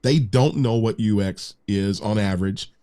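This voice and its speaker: A man's voice: on the low side, moderate pace, dark tone. Brief: male panelist and UX practitioner, earnest and candid, casual delivery with small stumbles. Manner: earnest, frank, some stumbles. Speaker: UX practitioner, podcaster.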